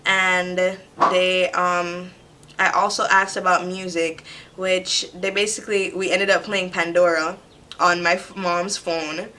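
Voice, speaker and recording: A young woman originally from Jamaica, casually telling a personal story to her camera in a chatty, animated way. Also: lowish voice, measured pace. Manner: chatty, animated retelling with quoted voices. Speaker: vlogger. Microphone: camera mic.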